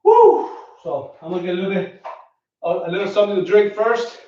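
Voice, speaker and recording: A man's voice: high-pitched, steady tone, quick pace, darkish tone. A man coaching a home workout, counting his reps aloud as he exercises, recorded from a distance in a room at home. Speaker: fitness coach. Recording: echoey distant lo-fi home video.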